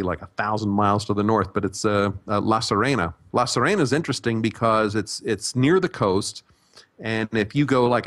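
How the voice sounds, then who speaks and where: A man in his sixties with an American accent talks through his travels at an easy pace, circling back and restarting his sentences. His voice sits low. He sounds like a guest in a casual interview. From United States. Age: 60s. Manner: relaxed storytelling with frequent restarts. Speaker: guest, retirement abroad expert. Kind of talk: conversational interview.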